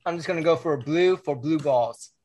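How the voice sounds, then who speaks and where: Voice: mid-range voice, moderate pace, a crowd in the background. A podcast guest in casual chat, hesitant and swearing freely.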